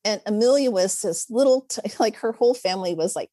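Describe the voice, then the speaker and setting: Animated, laughing woman telling stories. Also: mid-range voice, brisk, no room sound. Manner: animated, laughs often, many fillers. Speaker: guest, former preschool teacher. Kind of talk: casual storytelling interview.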